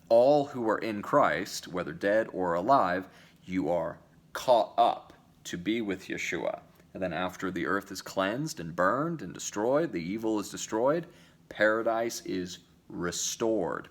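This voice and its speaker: A man's voice: low-pitched, a bit bright. A man giving a recorded Bible teaching, emphatic, drawing out phrases and stressing words suddenly. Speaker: teacher of a Bible study series.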